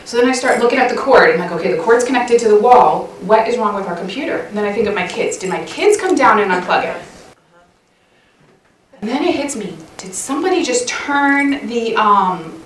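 A woman's voice: on the high side, lively intonation, a little fast, a little hiss or hum. A middle-aged woman telling a chatty, self-mocking story to a church women's session, laughing often. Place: church hall. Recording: roomy hall sound, mic at a distance.

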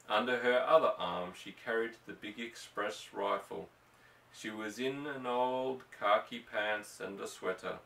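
A man reading a novel aloud in an even, unhurried narration. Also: mid-range voice, gravelly. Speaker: audiobook reader. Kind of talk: measured story narration. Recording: roomy, distant mic.

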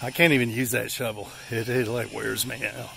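Appalachian guy out of breath, gravelly bright voice, joking around outside, faint hiss. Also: mid-range voice, steady tone, brisk. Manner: joking, folksy, rural slang. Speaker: vlogger. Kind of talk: casual on-site narration. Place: outdoor work site.

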